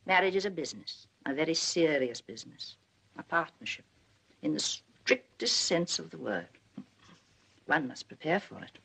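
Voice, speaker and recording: A woman's voice: deep voice, very animated, normal speed, vocal fry, a bit bright, a little hiss or hum, exaggerated voice. An actress playing a proper, anxious middle-aged mother in a 1930s film, prim and emphatic, lecturing her son's new wife.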